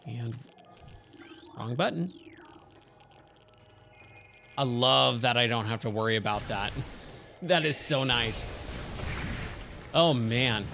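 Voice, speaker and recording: A man's voice: medium pitch, takes it slowly, creaky, long pauses, bright, forceful tone, faint music behind. A man giving casual, rambling commentary as he streams a game, thinking aloud and wandering off into tangents. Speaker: gaming streamer.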